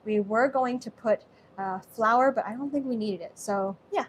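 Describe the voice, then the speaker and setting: Speaking at normal speed in a slightly high voice, with a little hiss or hum, a young woman from Singapore hosts a kitchen cooking livestream in an American accent. She's talkative and effusive, thanking each viewer by name.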